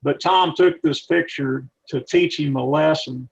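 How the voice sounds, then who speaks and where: A man with a gravelly voice pitched a little high tells flying stories in a rambling, folksy way, often restarting his sentences. It sounds like a casual talk given with slides. The recording is dull and lo-fi. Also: measured pace. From not from Texas. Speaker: aviator and aircraft mechanic giving a talk. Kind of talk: anecdotal storytelling talk with slides.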